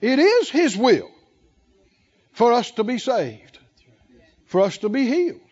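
High-voiced preaching man, slow and emphatic. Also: big pitch swings, darkish tone, lo-fi sound. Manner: emphatic preaching, calls for congregation responses. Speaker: pastor. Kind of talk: sermon.

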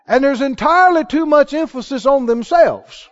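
A man's voice: very high voice, lively intonation, normal speed. A man preaching a sermon, emphatic and asking his listeners questions as he goes. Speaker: pastor. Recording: dull lo-fi sermon recording.

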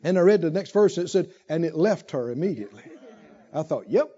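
Male preacher, high and animated, slow drawling emphasis, shouted peaks, dull recording. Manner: animated, swings from low asides to loud shouted climaxes; drawls emphatic phrases slowly. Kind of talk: sermon.

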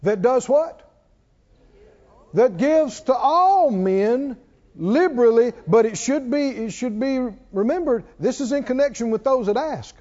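A man's voice: extremely high pitch, expressive, unhurried, mellow. A man preaching a sermon who keeps putting questions to his congregation, in a dull lo-fi church recording. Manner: call-and-response preaching, asks the congregation questions.

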